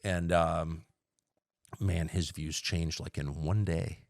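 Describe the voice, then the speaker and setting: A middle-aged man, a podcast guest, talking candidly and wryly, dropping to low mutters and then jumping up in loud bursts. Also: steady tone, takes it slowly, creaky, dry recording, clean studio sound. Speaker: podcast guest, political commentator. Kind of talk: casual conversation.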